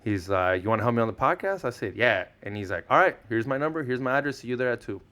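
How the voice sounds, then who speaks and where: A man in his thirties, Spanish his first language, telling stories on a podcast in a loose, slangy way. He swears freely and acts out the people in his stories, his pitch climbing high when he gets excited. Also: fast. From Mexican-American, Southern California. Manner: animated storyteller, slangy, swears, acts out quotes. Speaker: podcast guest. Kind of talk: casual podcast storytelling.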